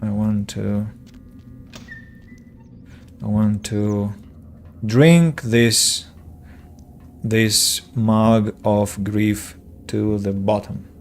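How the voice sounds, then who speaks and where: A man's voice: on the low side, fairly even intonation, drawn-out words, long pauses, slight background noise. Chatty man streaming a game. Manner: chatty, rambling, answers chat aloud; self-correcting, filler-heavy. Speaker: game streamer and English teacher. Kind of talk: casual let's-play commentary.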